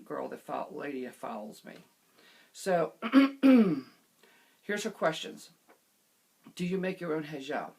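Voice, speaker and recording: Chatty middle-aged woman vlogger. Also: sits low. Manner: rambling, chatty, lots of fillers and throat-clearing. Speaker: vlogger answering viewer questions. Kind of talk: casual chat.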